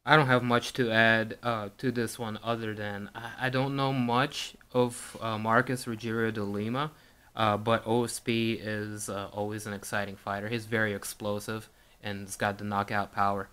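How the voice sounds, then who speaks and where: A man's voice: on the low side, flat delivery, normal speed, sharp tone, clean tone. Easygoing man, podcast co-host. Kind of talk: casual chat.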